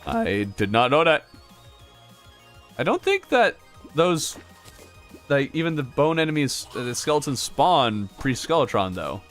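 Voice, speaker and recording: A man's voice: mid-range voice, big pitch swings, measured pace, pauses often, fairly bright tone, soft background music. A man casually chatting with his viewers while playing a video game, reacting to what happens and laughing often. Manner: chatty, reacts to game events and answers chat aloud; laughs often between remarks. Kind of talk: casual livestream chat with viewers.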